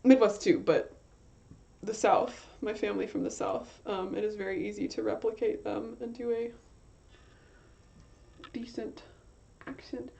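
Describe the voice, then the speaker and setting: Over slightly dull, lo-fi stream audio, a young woman talks casually while drawing on her art livestream, meandering through fillers and self-corrections. Her voice is medium in pitch, steady, creaky and mellow, a little slow, with long pauses.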